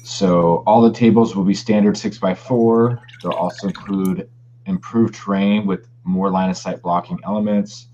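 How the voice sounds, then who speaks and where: A low-voiced, mellow man chats loosely as co-host of a live show, trailing into fillers. The audio is dull and lo-fi with faint noise. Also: steady tone, normal speed. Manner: chatty, rambling with fillers. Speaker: podcast co-host. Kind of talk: casual live-stream chat.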